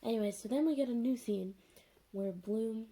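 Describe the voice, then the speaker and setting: A woman's voice: on the high side, normal speed, mellow. A young woman vlogger reviewing a show in a rambling, sarcastic, unscripted rant full of fillers.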